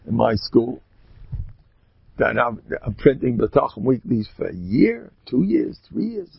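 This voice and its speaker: A man giving a storytelling sermon, talking in an animated way with sudden loud, emphatic rises. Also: mid-range voice, unhurried, vocal fry, husky, no room sound. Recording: dull lo-fi dry recording.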